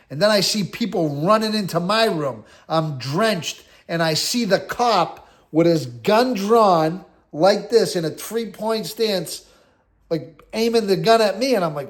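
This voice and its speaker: A middle-aged man casually telling a story from his own life, quoting himself and others in lively, salty slang. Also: sits high, a little slow.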